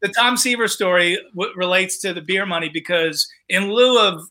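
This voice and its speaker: A man's voice: sits high, moderate pace. A man, a comedian and show host, telling a story in casual podcast talk and acting out the voices of the people in it. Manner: animated storyteller, acts out quoted voices.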